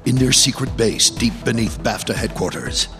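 A man delivering a dramatic movie-trailer voice-over, with a booming, mock-epic tone and a lively, swooping pitch. Music plays clearly underneath. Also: moderate pace. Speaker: trailer narrator. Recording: music bed behind.

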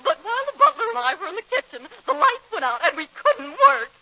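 A man's voice: sing-song, fast, creaky, exaggerated voice. A man doing a squealing young housemaid. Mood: flustered. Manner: squealing falsetto. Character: flustered young female housemaid. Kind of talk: 1940s radio comedy acting. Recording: dull old radio recording.

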